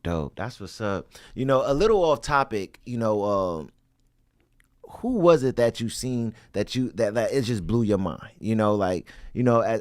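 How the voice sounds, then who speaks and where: A man's voice: lowish voice, a little mellow, no echo, clean studio sound. A man hosting a casual interview, laid-back and slangy, laughing easily. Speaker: interviewer, host.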